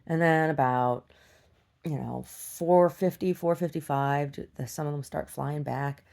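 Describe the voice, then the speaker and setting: A woman telling meandering stories in a casual video diary, halting and full of restarts. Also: low-pitched, steady tone, creaky. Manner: halting, full of restarts and "like", shouts when acting out quotes. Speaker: video diarist. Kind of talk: rambling casual storytelling.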